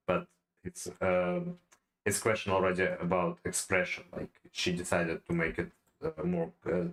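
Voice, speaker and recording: Brief: man, slow deliberate delivery, low voice, hesitant study-aloud tone. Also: fairly bright tone, low-quality recording. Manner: halting, many fillers and restarts, non-native phrasing. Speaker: self-taught poetry learner. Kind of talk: thinking-aloud study session.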